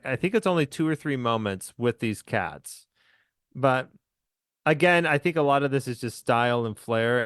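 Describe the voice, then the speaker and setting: A man's voice: medium pitch, a bit bright, clean tone, dry recording, clean studio sound. A man hosting a podcast, chatting casually and enthusiastically about a movie, laughing often. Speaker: podcast host.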